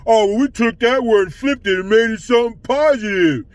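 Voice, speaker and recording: A man's voice: extremely high pitch, expressive, normal speed, a bit bright, dry recording, distant mic. A man mimicking a smug person who defends a slur, in a mocking tone.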